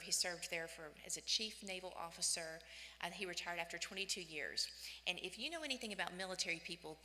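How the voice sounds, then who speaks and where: Bright-voiced woman speaker in a church hall. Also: on the low side. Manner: animated storytelling, acts out quoted voices. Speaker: women's day church speaker. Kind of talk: inspirational church talk with personal stories.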